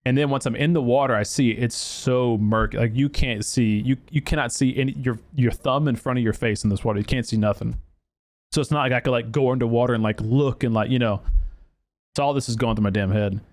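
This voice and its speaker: Male podcast host, swears freely, rambling animated storytelling. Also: medium pitch, brisk. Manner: profane, animated storytelling with acted quotes; lots of fillers and restarts. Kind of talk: casual storytelling.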